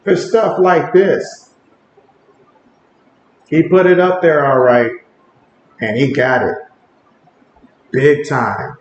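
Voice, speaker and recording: A man hosting a casual sports livestream, reading viewer comments aloud and calling the plays, getting excited when the action picks up. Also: on the high side, slow, pauses often, highs cut off. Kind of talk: casual play-by-play and chat reading. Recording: echoey room with faint ambient noise.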